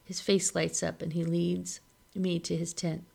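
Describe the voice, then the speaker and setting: Woman, audiobook-style novel reader, low voice, measured delivery. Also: flat delivery, creaky, dark tone, breathy edge. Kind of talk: reading a novel aloud.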